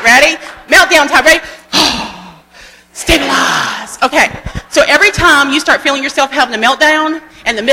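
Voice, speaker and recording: Animated woman in an echoing hall. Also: high-pitched. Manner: animated, exclamatory, folksy. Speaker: sales trainer. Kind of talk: motivational training talk. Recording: long hall reverb with mains hum.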